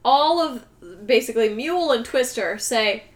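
Bright high-voiced woman retelling a movie. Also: normal speed. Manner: lively storyteller who acts out the characters' lines. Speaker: podcast co-host. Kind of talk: casual chat recapping a movie.

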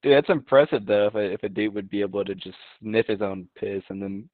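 A man's voice: lowish voice, brisk, no room sound. A young man joins a casual chat as a guest, joking and acting out made-up lines. His voice comes through a thin, phone-like line with no room sound. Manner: joking, laughs, acts out imagined lines. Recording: tinny phone-like line, dry.

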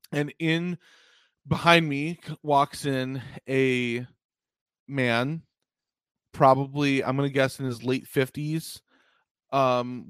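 A man's voice: mid-range voice, clear, resonant tone, no room sound. Guy telling a story, says like a lot, keeps cracking up, dead dry room. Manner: rambling, full of "like" and laughs. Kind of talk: casual storytelling chat.

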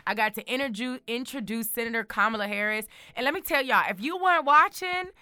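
A young woman chatting casually to her viewers, bold and excitable, repeating words for emphasis. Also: a little high, brisk, clear, resonant tone, no echo. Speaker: vlogger.

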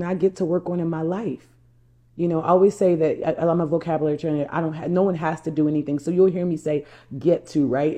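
Telling her viewers a personal story, a life coach from New Jersey calls them y'all. Her voice is low and mellow, her delivery emphatic and full of repetition.

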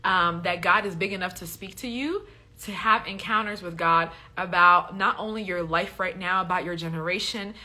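Woman, livestream faith host, casual teaching, bright tone, filler-heavy, preachy emphasis. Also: lowish voice, moderate pace. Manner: chatty, many fillers, preachy emphasis with repeated "okay?". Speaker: faith livestream host answering viewer questions.

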